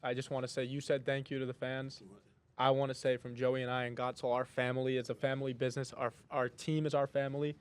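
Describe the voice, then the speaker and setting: A man's voice: mid-range voice, level tone, fast talker, clear, resonant tone. A man in his twenties hosting a podcast interview, earnest and effusive with his questions and thanks. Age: 20s. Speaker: host.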